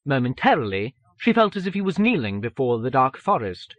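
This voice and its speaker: A man reading an audiobook in a measured, even manner. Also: mid-range voice, no echo, muffled recording. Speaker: audiobook narrator. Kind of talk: scripted narration.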